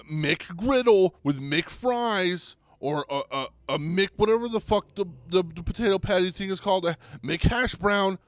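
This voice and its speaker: A young man hosting a podcast, ranting comedically with lots of swearing and restarts, getting louder and higher when worked up. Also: a little slow, few pauses, no room sound. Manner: rambling, profane, restarts, goes loud and high when riled. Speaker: podcast host. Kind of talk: comedic rant.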